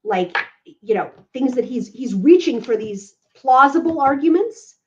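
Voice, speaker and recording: Emphatic, fairly high-voiced woman legal analyst for a podcast; dull lo-fi audio. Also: expressive, measured pace, a little mellow. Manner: emphatic, keeps checking in with "right?".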